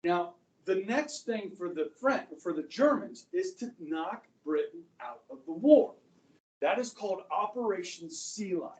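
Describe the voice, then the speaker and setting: A man teaching a history class, talking in a chatty, animated way and checking in with the students again and again. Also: high-pitched, measured pace. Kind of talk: classroom lecture. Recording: echoey classroom, mic far off.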